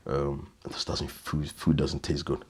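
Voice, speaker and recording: A man in his thirties with an extremely deep, low voice. He tells a painful personal story in an interview, halting, repeating words, and often dropping to a quiet, subdued tone. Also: completely flat delivery, breathy edge. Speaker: interview guest.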